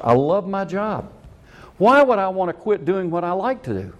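An older man, a pastor, preaching a sermon in an animated way that acts out the quotes he tells. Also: high voice, moderate pace, lo-fi sound.

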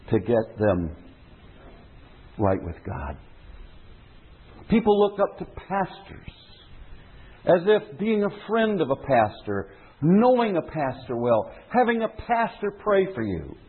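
Husky-voiced preacher on a tinny recording. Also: male voice, mid-range voice. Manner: earnest, emphatic preaching. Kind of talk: sermon with read-aloud novel excerpt. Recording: tinny phone-like sermon recording.

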